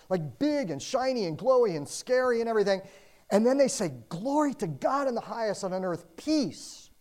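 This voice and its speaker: A middle-aged pastor preaching a sermon to a room of listeners, in a casual style full of "like" and "you know", swinging between loud bursts and hushed asides. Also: medium pitch. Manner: conversational, dotted with "like" and "you know". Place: room with a congregation.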